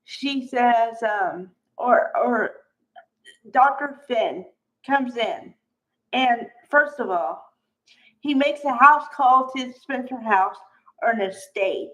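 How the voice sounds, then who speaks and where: A woman's voice: a little high, slow, a bit bright, low-quality recording. A woman recapping a soap opera in a casual, chatty way, acting out quotes and stopping often with "okay". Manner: chatty, acts out quotes, many okays and asides.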